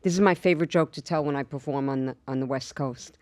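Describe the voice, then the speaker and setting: A woman's voice: low voice, fast, a little mellow, dry recording. A woman from Long Island with a thick New York accent, hosting a podcast and telling stories in an emphatic, chatty way. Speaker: podcast host. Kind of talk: casual podcast chat. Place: podcast studio.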